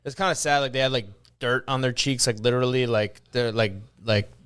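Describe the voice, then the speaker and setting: Young male co-host, smooth voice, relaxed filler-heavy storyteller. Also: mid-range voice, fairly quick. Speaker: podcast co-host. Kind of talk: casual comedic chat.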